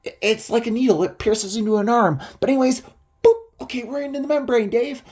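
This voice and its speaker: A man puts on a manipulative middle-aged schemer with a high, giggly, manic voice. He wheedles and cackles as if letting the listener in on a con. The voice rides well above a man's normal speaking pitch. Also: brisk, a little mellow, breathy edge. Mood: manic, cackling.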